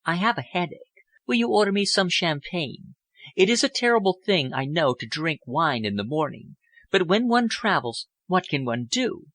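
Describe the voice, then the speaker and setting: A man voicing a poised, worldly young woman who speaks in a languid, elegant, gently persuasive way. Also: a little high, sing-song, normal speed, no room sound, pitched above the performer's own voice. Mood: coaxing.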